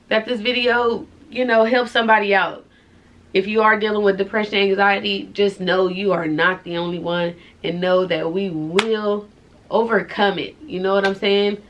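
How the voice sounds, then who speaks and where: A young woman speaks in a soft, heartfelt confessional vlog. Her voice sits at an everyday middle pitch and turns tearful at times. She talks informally, with casual slang. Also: dull audio. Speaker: vlogger.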